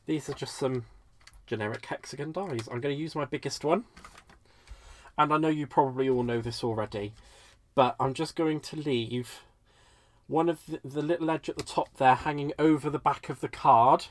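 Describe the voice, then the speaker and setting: Speaking at a normal pace in a mid-range voice, a British man hosts a live crafting tutorial and chats viewers through every step. He sounds a bit stuffy from a cold, and the recording is dry.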